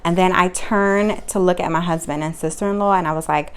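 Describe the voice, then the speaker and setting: A young woman, telling her own story to camera in casual vlog style, acting out what people said. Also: fairly quick. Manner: animated, acts out quotes with sudden high pitch jumps.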